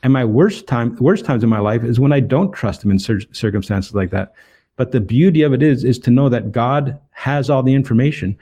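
Earnest man with a mellow voice. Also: mid-range voice, expressive, a little fast. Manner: earnest, retells dialogue with emphasis. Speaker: street evangelist. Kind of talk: testimony and Bible storytelling.

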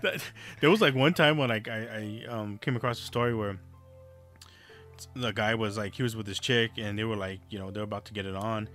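A man co-hosting a podcast, telling stories in a rambling casual way, full of fillers, his voice dropping low for the creepy parts. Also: brisk, a bit bright, soft background music. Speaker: podcast co-host. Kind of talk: casual chat, storytelling.

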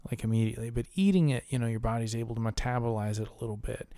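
A man's voice: mid-range voice, very fast, warm tone, no room sound, clean studio sound. A man co-hosting a casual podcast, ranting with heavy profanity. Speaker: podcast co-host.

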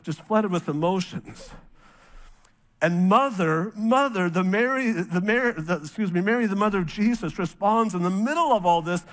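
A middle-aged male pastor from North Dakota preaching a sermon, telling a family story in a casual, animated way and acting out the voices of the people he quotes. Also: high-pitched.

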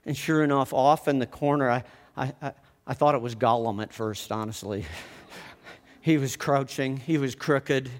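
A man telling a personal story in an animated way, often restarting with quick repeated words. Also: medium pitch, big-room sound.

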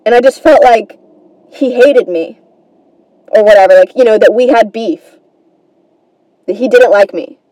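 A woman hosts a comedy podcast, delivering a rambling, self-deprecating story as a casual monologue and cursing freely. Her voice sits high with a darkish tone, and the low-quality recording has no echo.

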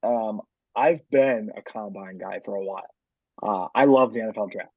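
A man with a husky, slightly rough voice talks sports in a loose, rambling way, dotted with "um" and "like." The sound is dry and a little dull, like a lo-fi home podcast setup. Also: fairly low pitch, moderate pace, no room sound. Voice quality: frequent filler words and restarts. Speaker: podcast co-host. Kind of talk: casual sports chat.

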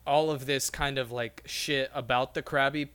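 A man's voice: medium pitch, fairly even intonation, moderate pace, a bit bright, clean tone. A young man chatting loosely with a friend, his sentences full of fillers and restarts. He swears casually and wanders through a point before getting to it. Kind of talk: casual chat.

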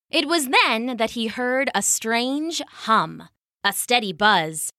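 A woman reads a children's story aloud with animated, expressive delivery. Her voice sits a little high and rises and falls a lot, with a bright, clear tone. The recording is close and dry. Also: takes it slowly, no room sound. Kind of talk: scripted narration of a children's story.

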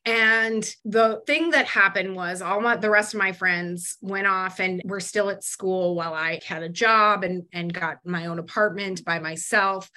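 A woman's voice: mid-range voice, sharp tone. A young adult woman, a podcast guest, telling stories in casual conversation, full of "like" fillers and acting out quoted voices with big jumps. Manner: frequent "like" fillers, quick laughs. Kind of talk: storytelling in conversation.

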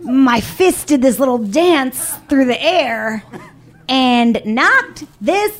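Animated, blunt woman telling a comedic story. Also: high-pitched, takes it slowly, a crowd in the background. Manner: animated, blunt, profane, self-mocking.

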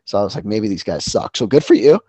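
A man's voice: on the low side, expressive, fast, mellow, slightly rough, dry recording. Loose, profane man talking sports. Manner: loose, profane, rambling with fillers. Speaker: podcast co-host. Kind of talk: casual sports betting chat.

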